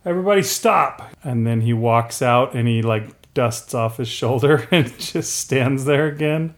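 A middle-aged podcast co-host chats casually at a measured pace in an ordinary mid-range voice, drifting from point to point. He's animated, laughs often and briefly imitates the people he quotes.

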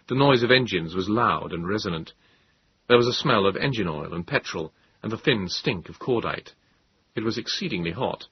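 A man narrating a story in a measured, grave way. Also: on the low side, slightly rough, no echo. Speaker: audiobook narrator. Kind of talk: scripted narration. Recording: slightly dull, dry recording.

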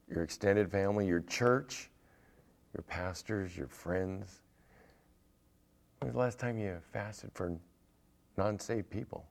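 Low gravelly-voiced male pastor preaching. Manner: animated, acts out little scenes with humor. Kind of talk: sermon.

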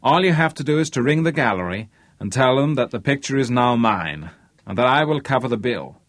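A man's voice: medium pitch, lively intonation, fairly quick, a bit bright, no room sound, clean studio sound, natural voice. A man doing a barking, brusque tycoon.

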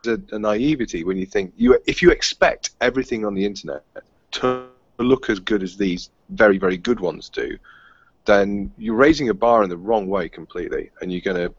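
Low-voiced man, halting, dry muffled audio. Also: breathy edge, dry recording. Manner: halting, many restarts. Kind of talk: panel discussion.

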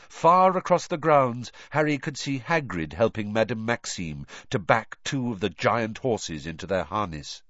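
A man narrating an audiobook in an expressive, animated reading. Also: mid-range voice, no echo, highs cut off.

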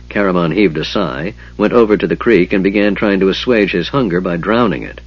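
A man reading a fantasy novel aloud in a measured storytelling manner. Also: low-pitched, husky, no echo, lo-fi sound. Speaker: audiobook narrator. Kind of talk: scripted fantasy narration.

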